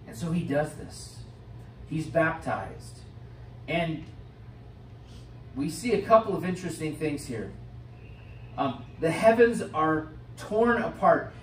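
A man with an American accent, a pastor preaching a sermon with expressive swings from loud to hushed. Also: on the high side. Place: church sanctuary. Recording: roomy church sound from a distant mic, faint hiss.

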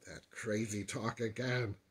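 A woman voicing a stern, dismissive male priest who runs a school, with a husky voice, in a plush toy drama. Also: extremely low pitch, fairly even intonation, a little slow, full character voice. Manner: scolding, stern.

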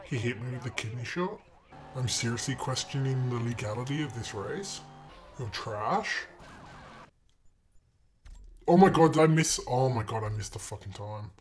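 Dude yelling and cursing over a racing game, sarcastic, loud bursts now and then. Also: male voice, mid-range voice, normal speed, faint music behind. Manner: crude, sarcastic trash talk at other drivers; sudden loud outbursts and shouting. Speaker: gaming channel host. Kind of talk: profane gameplay commentary. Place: room at home. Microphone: desk mic.

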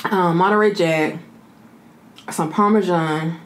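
A woman's voice: fairly low pitch, fairly even intonation, slow pace. A woman hosting a mukbang video, chatting casually with viewers and calling them y'all. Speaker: mukbang host. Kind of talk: casual eating vlog chat.

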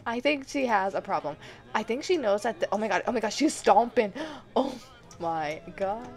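A woman hosting a life-sim let's play, commenting excitedly with gasps and laughs. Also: mid-range voice, normal speed. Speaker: gaming channel host.

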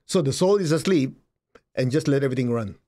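A man's voice: mid-range voice, a little fast. A middle-aged man whose first language is not English, giving an emphatic, repetitive spiritual talk as a healer. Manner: emphatic and repetitive, with lively jumps into quoted voices.

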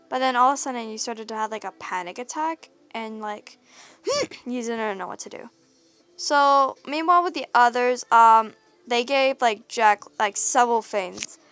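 A woman's voice: a little high, a bit bright. A woman narrating a listener role-play story in a casual, rambling way, full of fillers. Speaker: audio role-play creator.

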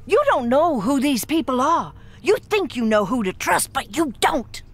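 A woman's voice: high-pitched, expressive, moderate pace. A woman voicing a distrustful young woman who hides in a crypt in a video game, curt and scolding. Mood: accusing. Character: hostile secretive young woman hiding in crypt.

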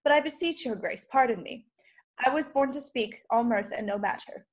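A teenage girl playing a witty, sharp-tongued young noblewoman in a Shakespeare school play over a video call, full of quick mocking wordplay. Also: a little high, natural voice. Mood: teasing. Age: late teens. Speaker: student actor. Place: home.

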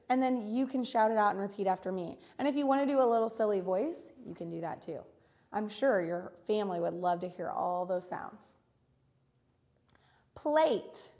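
A woman teaching an online reading lesson for young children, encouraging and repeating each word slowly. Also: a little high, darkish tone.

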